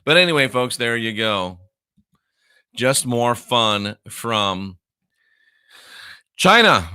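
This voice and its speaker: Sarcastic man with a bright voice. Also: medium pitch, big pitch swings, slow pace, clean tone, dry recording, studio quality. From United States. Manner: sarcastic, mocking, jumps between muttering and loud outbursts. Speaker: online show host. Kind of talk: casual livestream commentary.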